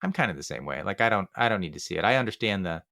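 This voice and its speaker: A man's voice: low voice, very animated, very fast, creaky, pushed and bright, no room sound, studio quality. A man hosting a podcast, chatty and reactive, with lots of fillers, who wraps up the show. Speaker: podcast host. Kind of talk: casual chat and show outro.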